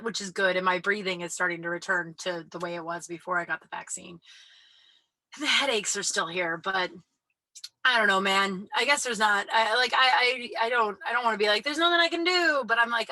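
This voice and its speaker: A woman hosting her own show, talking casually and rambling, breathy and out of breath, recording in a small closet. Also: mid-range voice, moderate pace, bright, forceful tone, dry recording, low-quality recording. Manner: chatty, full of "like" fillers. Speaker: podcast host.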